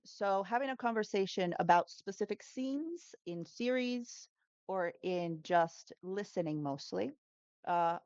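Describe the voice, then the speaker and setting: A woman's voice: on the low side, darkish tone, smooth, no echo, dull audio. A woman who teaches English pronunciation, chatting as an interview guest with lots of fillers and self-corrections. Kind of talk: casual interview answers.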